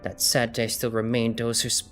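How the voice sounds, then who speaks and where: A woman voicing a formal, scholarly fantasy game character, reading the dialogue in a measured way. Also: extremely low pitch, completely flat delivery. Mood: earnest. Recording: music behind.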